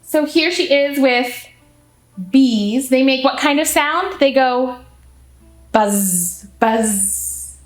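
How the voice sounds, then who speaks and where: A woman reading a picture book aloud to children as a children's librarian, animated and asking the listeners questions. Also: sits high, takes it slowly. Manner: animated, asks the audience questions. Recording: echoey room, faint music.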